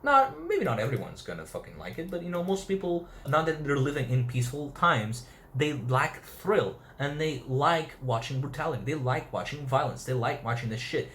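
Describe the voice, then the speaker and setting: A man's voice: medium pitch, sing-song, moderate pace, fairly bright tone, reverberant, a little hiss or hum. Chatty profane man reviewing anime. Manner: chatty and profane, acts out characters' lines. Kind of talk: casual video review commentary.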